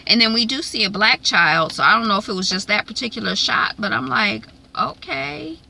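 A woman giving a casual, chatty TV episode recap, animated and slangy, with lots of "um" and "like" and opinionated asides. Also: mid-range voice, fairly quick, gravelly, slight background noise, rough recording. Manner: animated retelling, chatty with frequent "um" and "like". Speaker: TV recap vlogger.

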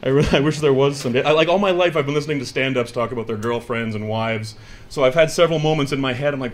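A man's voice: mid-range voice, quick pace, slight background noise. A man works a live comedy stage, talking into a handheld mic. He is chatty and mocks himself, slipping into quoted voices as he goes. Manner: chatty, self-mocking, acts out quoted voices. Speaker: stand-up comedian. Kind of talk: stand-up comedy set.

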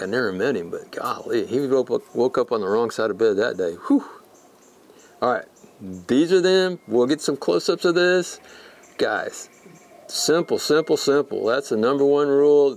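A man giving a casual, folksy fly-fishing tutorial, emphatic and repeating words for stress. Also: mid-range voice. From Texas.

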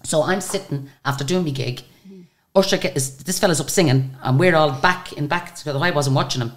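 This woman's voice sits low and moves fairly quickly; she's an Irish singer in her sixties telling stories in a relaxed interview. Lively and conversational, she restarts her sentences frequently.

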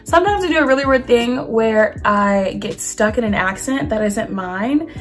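A young woman in her twenties hosting her own podcast, talking casually to camera in a chatty, animated way with lots of fillers. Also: on the high side, normal speed, faint music behind. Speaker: podcast host. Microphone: camera mic.

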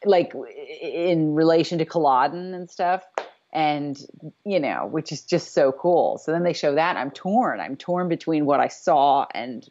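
A woman's voice: deep voice, animated, measured pace, a little mellow. A woman co-hosting a casual recap chat over a video call, rambling with many fillers and restarts. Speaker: podcast co-host. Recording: dull lo-fi call audio.

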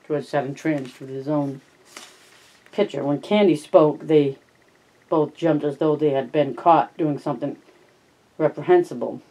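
Steady, plain novel narrator. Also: mid-range voice, a little slow, long pauses, low-quality recording. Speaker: reader. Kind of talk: reading a novel aloud.

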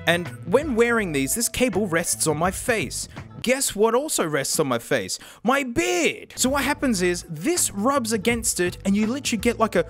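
Australian man, casual tech vlogger, slangy and jokey, slightly high voice, faint music behind. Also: sing-song, moderate pace, fairly bright tone. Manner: chatty and jokey, with slang and sudden jumps in pitch. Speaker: tech reviewer. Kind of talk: casual product review vlog.

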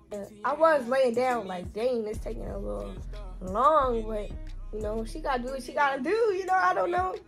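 A young woman with a high voice chats to her viewers in an animated, slangy vlog, swearing freely as she tells her story. Clear music plays behind her the whole time. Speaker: vlogger.

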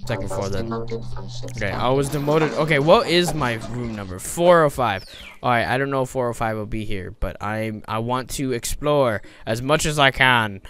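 A man giving casual let's-play commentary, chatty and excitable, often breaking into surprised exclamations. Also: mid-range voice, moderate pace, hardly any pauses, a little hiss or hum. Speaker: gameplay commentator.

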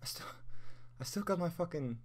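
A man giving casual, excitable commentary while betting on a game, swearing often and swinging from mumbles to yelling. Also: fairly high pitch, moderate pace. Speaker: gaming YouTuber.

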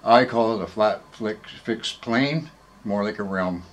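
A man with a lowish voice rants at a measured pace in a rambling, casual vlog filmed on a handheld phone, and the audio is poor. Heated and swearing freely, he keeps tagging his points with "right?"

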